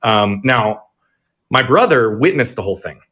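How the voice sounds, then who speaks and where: A man's voice: mid-range voice, lively intonation, normal speed, fairly bright tone. Earnest man telling his story as a guest. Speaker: guest, performance coach. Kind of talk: conversational interview.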